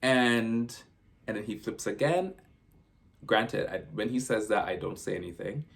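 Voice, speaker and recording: Low, gravelly man telling a story. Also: unhurried. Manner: rambling retelling, constant "I'm like" reported speech. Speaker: vlogger. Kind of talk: casual storytime vlog.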